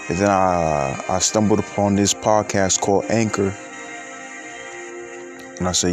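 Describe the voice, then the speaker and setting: A man of twenty-eight telling a personal story in a halting, reflective way, with many fillers and restarts. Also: deep voice, fairly even intonation, faint music behind. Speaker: podcaster.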